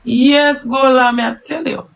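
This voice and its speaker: A woman's voice: sits high, steady tone, a little slow, creaky, poor audio. A woman with a Jamaican accent chatting casually on a live stream, answering viewers and telling stories in patois.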